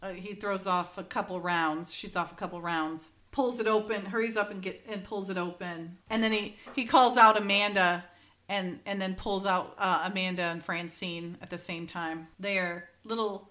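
A woman's voice: mid-range voice, steady tone, moderate pace, a bit bright. A woman co-hosting a casual podcast, recapping an episode, reading script lines aloud and laughing often. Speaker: podcast co-host.

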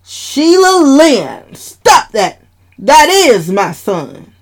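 A stern, angry father, read by a woman narrating a family drama, firm and commanding. He speaks slowly, with a voice that moves a lot in pitch. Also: very animated, exaggerated voice. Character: stern father, angry, protective of his son.

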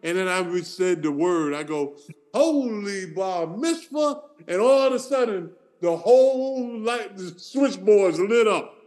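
A middle-aged man with a fairly high voice, co-hosting a podcast. He tells stories in a loose, animated way, laughs between lines and slips into voices for the people in them. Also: a little slow. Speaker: podcast co-host. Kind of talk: casual storytelling chat.

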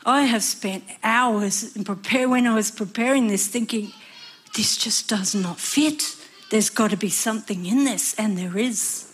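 A woman preaching a sermon, earnest and expressive, sometimes acting out the voices of people in her story. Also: mid-range voice, a little slow, husky. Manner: expressive, acts out voices and cries.

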